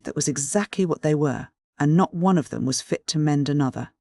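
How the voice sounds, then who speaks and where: An audiobook narrator reading a classic novel in a measured storytelling manner. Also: mid-range voice, creaky, mellow, no echo. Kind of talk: scripted narration.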